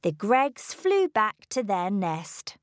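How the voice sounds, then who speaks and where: Slow, expressive woman reading a storybook. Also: medium pitch, dry recording, studio quality. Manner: slow, careful, expressive read-aloud delivery. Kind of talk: scripted storybook narration.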